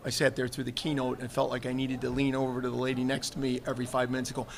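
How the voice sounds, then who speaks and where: A man's voice: medium pitch, monotone, fast talker, heavy background noise. A man, a retired fire chief, telling earnest personal stories in a live interview and often quoting other people as he goes. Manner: earnest, reflective, quotes others in his stories. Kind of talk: candid storytelling in a live interview. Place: trade show livestream set.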